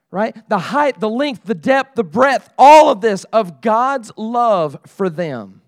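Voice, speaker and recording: Middle-aged male pastor, high voice, dry close sound, talky sermon delivery that builds to pleading. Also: expressive, slow pace, few pauses, dry recording. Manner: conversational preaching, rising to emphatic pleading.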